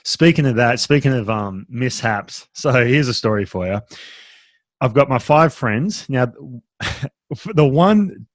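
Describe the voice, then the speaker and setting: A podcast co-host tells a story in casual chat, animatedly acting out his friends in a raised voice. His own voice is mid-range and slow, with no echo.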